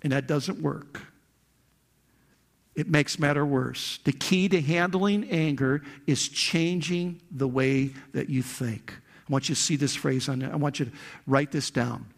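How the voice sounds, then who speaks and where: A middle-aged man preaching a sermon to a congregation, shifting from slow, quiet confiding to loud, high-pitched outbursts. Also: vocal fry. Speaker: pastor. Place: church hall before a congregation.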